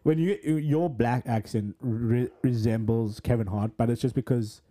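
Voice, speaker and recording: A man's voice: medium pitch, measured pace, dark tone. A young South African man with a South African accent, chatting casually and teasing as a podcast co-host. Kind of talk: casual chat.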